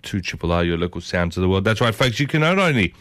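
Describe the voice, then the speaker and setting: A man's voice: low-pitched, big pitch swings, quick pace, a bit bright, no room sound. A man with an Australian accent hosting a morning community radio show, chatting enthusiastically and rambling through his memories. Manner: enthusiastic, rambling, reminiscing with lots of asides. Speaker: breakfast radio host. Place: radio studio.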